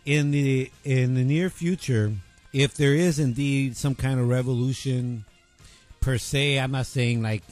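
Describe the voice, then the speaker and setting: A man's voice: mid-range voice, fairly even intonation, darkish tone, soft background music. Rambling passionate male co-host. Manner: rambling, halting, many fillers, passionate. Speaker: radio co-host. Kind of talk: casual political talk radio.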